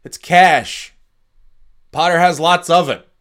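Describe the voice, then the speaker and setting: A man's voice: fairly high pitch, takes it slowly, clear, resonant tone. A middle-aged man rambling casually and jokingly on his own show, standing at a desk microphone indoors. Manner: rambling, joking, lively impressions. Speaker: vlogger. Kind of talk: casual solo rant.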